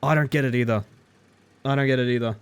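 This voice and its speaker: During a casual gaming stream, a young man jokes and chats playfully, speaking directly to his audience. His voice is medium-pitched and smooth, with a steady tone and a quick pace.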